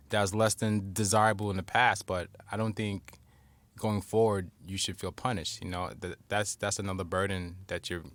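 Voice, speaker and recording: A man's voice: lowish voice, fairly bright tone. A man co-hosting a podcast in casual chat, giving earnest, thoughtful advice. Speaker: podcast co-host.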